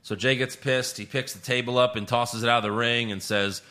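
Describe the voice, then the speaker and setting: Bright-voiced man recapping casually. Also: mid-range voice, a little fast, hardly any pauses. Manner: profane, animated recapping. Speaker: podcast co-host recapping wrestling. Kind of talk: casual chat.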